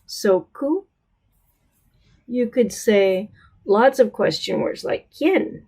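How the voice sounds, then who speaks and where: A woman with an American accent, a fairly high, darkish voice and a breathy edge teaches Spanish pronunciation slowly. Patient and careful, she draws out model words and checks in with "right?".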